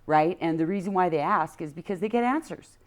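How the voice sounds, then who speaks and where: A woman on a podcast, chatting casually and telling lively, playfully exaggerated stories. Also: on the low side, brisk. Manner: lively storyteller, exaggerates for fun. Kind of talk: casual chat.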